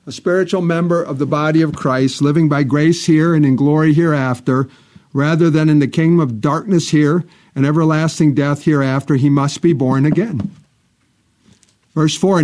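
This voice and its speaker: Man, preacher, sermon, earnest, deliberate, emphatic repetition, reads King James scripture, slightly high voice. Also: darkish tone.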